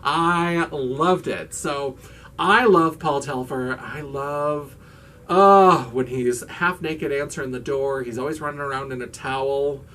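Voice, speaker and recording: A man's voice: mid-range voice, slow pace, pushed and bright, distant mic. A man hosting his own vlog in casual chat, gushing and campy, swearing freely as he raves. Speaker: vlogger host.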